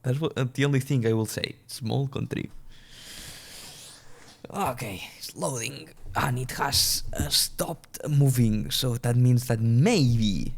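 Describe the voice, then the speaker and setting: Young guy, early twenties, from a small European country. Casual home gameplay commentary, rambling, restarting lines, swearing and laughing, medium pitch. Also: unhurried, gravelly. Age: early 20s. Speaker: gaming channel host. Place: at home at his computer.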